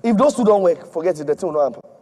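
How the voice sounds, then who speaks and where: Man preaching a sermon, high voice, lively pitch, emphatic and repetitive. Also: very fast. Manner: emphatic and repetitive, swinging from loud to soft.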